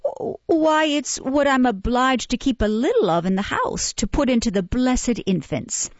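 A woman's voice: high-pitched, very animated, normal speed, no room sound, pitched above the performer's own voice. A woman reading a storybook voices a sly, falsely humble woman who runs an orphan farm, with wheedling, coaxing speech. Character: fawning, sly middle-aged woman running an orphan farm. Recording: dull, muffled, dry recording.

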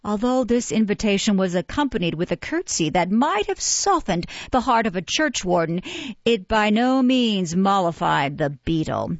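A woman narrating a classic novel in a measured, dryly ironic storytelling manner. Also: medium pitch, big pitch swings, no echo, muffled recording. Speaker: audiobook narrator. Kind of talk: classic novel read aloud.

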